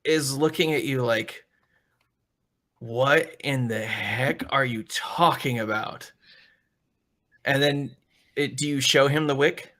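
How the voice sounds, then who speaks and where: A man's voice: mid-range voice, takes it slowly, long pauses, sharp tone. A man running a tabletop role-playing game as game master, narrating hesitantly with many restarts. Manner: hesitant, restarts, slips into character voices.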